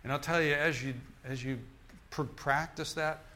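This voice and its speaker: A man's voice: on the high side, steady tone, moderate pace, pushed and bright, a little hiss or hum. A male minister preaching a sermon in an emphatic, repetitive style, often restarting his phrases.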